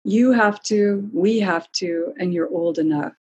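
A stern, gruff older creature father, as a woman reader puts him on. He speaks bluntly and bossily. The voice sits low with a husky, breathy texture. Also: a little slow, darkish tone, lo-fi sound.

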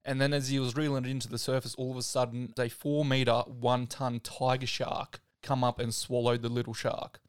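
An Australian man hosting a podcast, retelling a true story in a relaxed way, full of "like". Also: mid-range voice, moderate pace, hardly any pauses, clear, resonant tone, no echo, studio quality. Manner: relaxed, filler-heavy retelling with "like". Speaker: podcast host. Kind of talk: casual storytelling.

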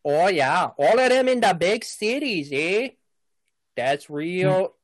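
In a tabletop game, a game master voices a male fisherman villager who drawls, rambles and loses his train of thought, giving a folksy mood. The voice is medium-pitched, sing-song and slow. The recording is dry.

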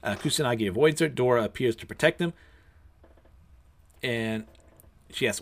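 A man casually recapping an episode in a relaxed storytelling way, with frequent fillers. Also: medium pitch, moderate pace, vocal fry. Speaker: show recapper.

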